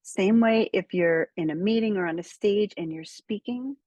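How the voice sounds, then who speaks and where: A woman speaker coach giving speaking tips straight to camera, with measured, emphatic delivery and deliberate pauses. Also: mid-range voice, warm tone, no room sound.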